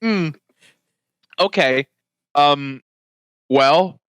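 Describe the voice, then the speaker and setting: A man's voice: a little high, drawn-out words, fairly bright tone, clean tone, no room sound. A man co-hosting a podcast in casual, joking chat who swears freely. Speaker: podcast co-host.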